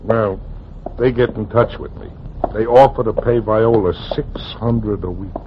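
An actor playing a brusque, slangy theater owner in an old radio drama. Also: male voice, lowish voice, steady tone, unhurried, lightly acted. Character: brusque gruff male theater owner, streetwise. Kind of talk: 1940s radio drama acting. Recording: dull old radio recording, faint hiss.

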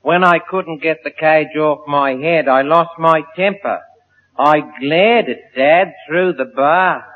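A man playing a dim-witted young fiancé in a radio comedy, dopey and slow-witted. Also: a little high. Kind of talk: 1950s radio comedy acting. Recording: tinny old radio broadcast.

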